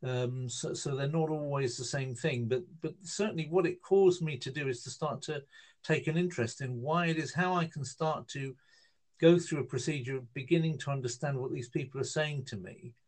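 A man in his fifties from northern England, speaking, telling a long personal story in a relaxed interview, with lots of fillers and restarts. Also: mid-range voice, moderate pace. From Newcastle, northern England. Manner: rambling, hesitant, with many fillers and restarts. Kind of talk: casual storytelling conversation.

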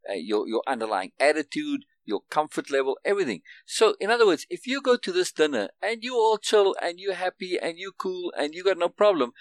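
A man's voice: on the high side, no echo. A man hosting a casual one-on-one conversation, explaining emphatically with lots of restarts and repeated words, and often checking in with "right?". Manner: keeps checking understanding with "right?". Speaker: podcast host.

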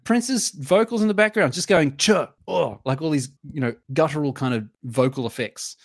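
A man's voice: on the high side, brisk, dry recording, clean studio sound. A man co-hosting a casual music review podcast, enthusiastic, humming and singing bits of songs as he talks. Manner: enthusiastic, sings and hums musical lines. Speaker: podcast co-host.

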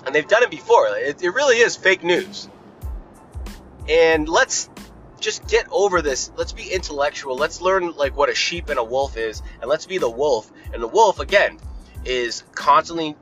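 A man's voice: on the high side, sharp tone, poor audio. A young man hosting a podcast, ranting in a casual, profane, rambling and opinionated way. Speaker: podcast host.

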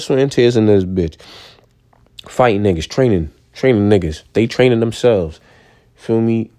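A young man from New rants in a loose, slang-heavy way. His voice is dark and mellow but swings wildly in pitch, jumping into squeaky outbursts. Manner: animated, slangy, sudden high-pitched outbursts. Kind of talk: casual rant to camera.

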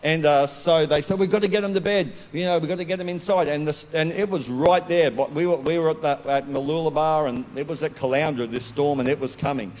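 A man preaching a sermon as a pastor, loud and declaring, swinging from calm talk to shouting. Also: on the high side, fairly quick, hardly any pauses. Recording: long hall reverb.

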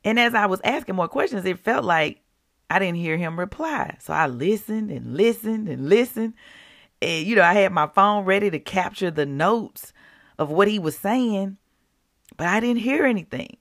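A woman hosting a devotional podcast, talking conversationally to her listeners and reading scripture slowly and deliberately. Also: medium pitch, expressive.

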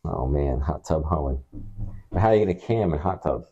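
Podcast co-host: a man with a low, mellow voice, rambling and laughing as he chats. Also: expressive, normal speed, husky, highs cut off. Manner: rambling, laughing, acts out quotes. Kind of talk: casual chat. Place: rented holiday home.

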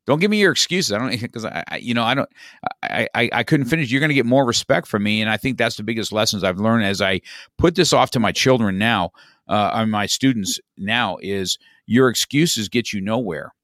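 A man's voice: lowish voice, expressive, fairly quick, a bit bright, dry recording, clean studio sound. A middle-aged man, a podcast guest, telling a story in casual chat, rambling with many restarts and "you know, man.".

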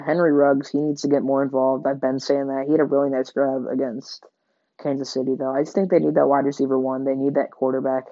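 Recorded without echo on a dull lo-fi home mic, a sports podcast host with a medium-pitched, darkish voice rambles through game predictions. He fills it with hesitations and keeps correcting himself.

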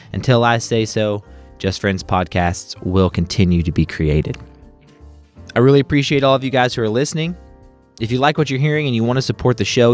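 A young man hosting a podcast, talking candidly to his listeners in a chatty outro. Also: fairly low pitch. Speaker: podcast host.

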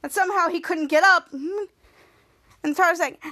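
A woman with a very high, bright voice runs through an episode recap in a loose, rambling way. She keeps circling back to the same stock phrases and jumps into excited impressions of the characters as she goes. The delivery is casual, like an unscripted podcast. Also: normal speed. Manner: rambling, repeats "cut to" and "somehow"; acts out characters' lines excitedly. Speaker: podcast host.

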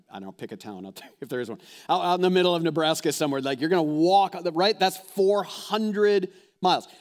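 A man preaching a sermon as a pastor, talking conversationally and putting direct questions to his listeners. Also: mid-range voice. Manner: conversational, animated, asks the audience direct questions.

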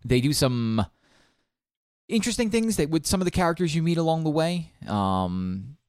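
Fairly high in pitch with big swings, his voice is darkish but clear and resonant, at a moderate pace, in studio-quality sound with no room noise. The young man co-hosts a podcast, rambling casually about video games and often saying um or starting over.

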